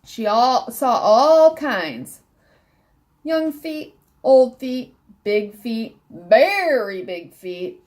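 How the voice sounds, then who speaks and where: Slow, lively woman reading a storybook. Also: on the high side. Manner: slow, careful, stumbles and rereads words. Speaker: storybook reader. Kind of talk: reading a children's book aloud.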